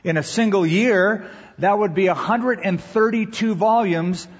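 A man preaching a sermon, explaining scripture and reading verses aloud slowly and with emphasis. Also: sits high, slightly rough, in a large hall, lo-fi sound. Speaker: pastor.

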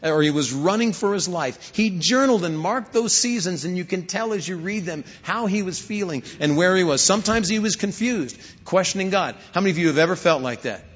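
A man's voice: high voice, animated, fairly quick, few pauses, fairly bright tone, breathy edge. A man preaching a sermon, telling stories and rising to emphatic questions. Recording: hall reverb, dull lo-fi sound.

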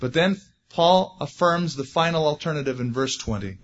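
A man preaching a sermon, animated, growing loud and high when he stresses a point. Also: moderate pace, dull audio. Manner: animated, rising loud for emphasis. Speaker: pastor.

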